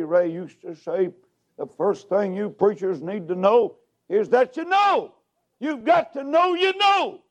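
A man preaching a revival sermon, shouting to loud highs and dropping to hushed lows in a sing-song delivery.

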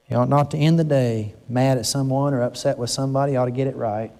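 This older man is a pastor delivering a heartfelt, emotional sermon at a fast clip with hardly any pauses. His mellow voice holds a steady tone, though it rises in pitch when he's moved, and he keeps stopping to begin sentences again.

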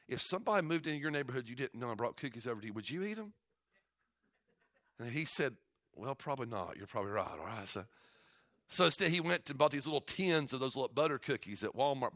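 A male pastor preaching a sermon, moving between quiet storytelling and loud, shouted exhortation. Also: medium pitch, no room sound, clean studio sound.

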